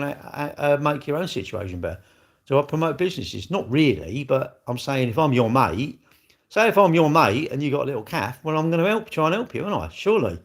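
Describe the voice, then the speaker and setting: A man's voice: fairly high pitch, creaky. An older man hosting a casual livestream, talking bluntly, arguing with commenters and swearing freely. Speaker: livestream host.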